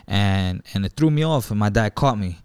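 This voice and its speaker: A man's voice: fairly low pitch, lively intonation, normal speed, darkish tone, clean tone, no echo. A man in casual chat, telling a profane story and often adding "bro" and "right?".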